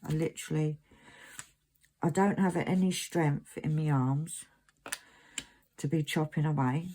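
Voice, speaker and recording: A woman's voice: low voice, vocal fry, a little mellow, low-quality recording. A middle-aged woman, chatting casually and rambling to camera in a vlog. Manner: chatty, rambling, with many fillers. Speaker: vlogger.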